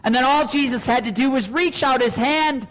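Man preaching in a church, really high voice, long echoey reverb, asks lots of questions. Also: normal speed, fairly bright tone. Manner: earnest preaching with rhetorical questions. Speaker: pastor. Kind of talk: sermon.

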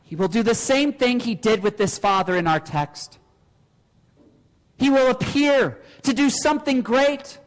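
High-voiced preacher in a reverberant church. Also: male voice. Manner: earnest preaching with rhetorical questions. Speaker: pastor. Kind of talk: sermon.

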